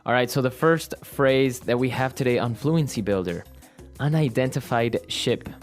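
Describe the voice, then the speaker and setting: A man co-hosting an English lesson, explaining words clearly and slowly like a teacher. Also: mid-range voice, faint music behind. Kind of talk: language lesson chat.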